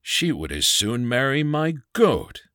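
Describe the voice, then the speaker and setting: A man's voice: a bass voice, lively intonation, unhurried, sharp tone, breathy edge, dry recording, studio quality, exaggerated voice. A man voicing a boorish, drunken tribal uncle in a storybook, howling crude jokes. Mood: jeering. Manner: howling, bawdy.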